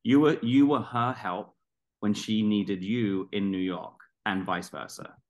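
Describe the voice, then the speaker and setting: A man's voice: fairly low pitch, unhurried. A man hosting a casual interview, talking in a reflective, rambling way with frequent restarts. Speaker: interview host.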